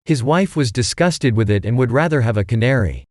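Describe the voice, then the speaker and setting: A man narrating a mystery audiobook in a steady storytelling manner. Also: mid-range voice, fairly quick, no echo, clean studio sound. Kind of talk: scripted narration.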